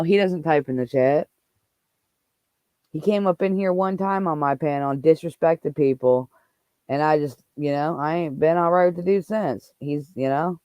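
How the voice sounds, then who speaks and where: Livestream host, man, heated profane rant; smooth, slightly higher voice, close and dry. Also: dry recording. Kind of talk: casual ranting livestream chat.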